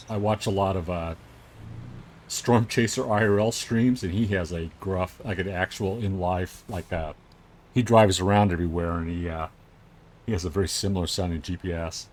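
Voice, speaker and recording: A man's voice: low-pitched, moderate pace, darkish tone. A man hosting a game stream, chatting casually and rambling with lots of fillers. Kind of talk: casual chat while gaming. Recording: game engine noise behind.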